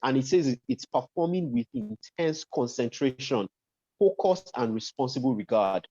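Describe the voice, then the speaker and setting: A man's voice: mid-range voice, animated, normal speed, warm tone, no room sound, lo-fi sound. A man hosting an interview, asking long careful questions with many fillers and restarts, over a remote call. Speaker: podcast host.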